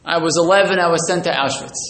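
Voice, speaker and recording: A man speaking the lines of an elderly Holocaust survivor, halting and repeating himself. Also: a little high, a bit bright. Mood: grave. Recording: echoey room with faint hiss.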